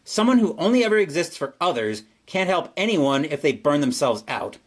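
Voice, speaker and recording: A man voicing a bold young heroine who calmly argues back without fear. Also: on the high side, normal speed. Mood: defiant.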